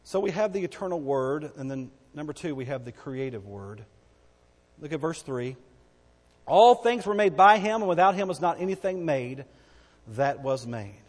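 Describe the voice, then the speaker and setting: A man preaching a sermon, emphatic, asking the congregation questions and swinging between loud declarations and hushed lines. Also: mid-range voice, lively intonation, moderate pace. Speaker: pastor. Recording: long hall reverb.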